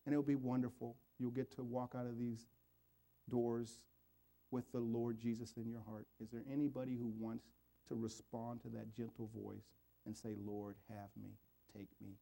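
A man's voice: medium pitch, flat delivery, moderate pace, gravelly, mellow. A man preaching a sermon and leading an altar call and prayer, in an earnest, pleading way, his voice rising and falling. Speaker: pastor.

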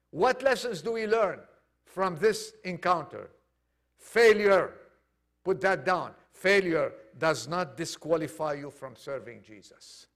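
Impassioned preacher, high male voice. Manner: impassioned, dramatic swings from loud to hushed; acts out quoted dialogue. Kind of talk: sermon. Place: church congregation.

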